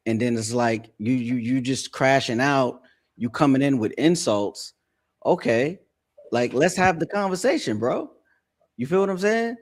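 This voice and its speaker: Brief: laid-back male panelist, mid-pitched, conversational. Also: animated, a little slow. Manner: laid-back, conversational, repeats words when starting. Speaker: panel member. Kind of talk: casual opinion talk.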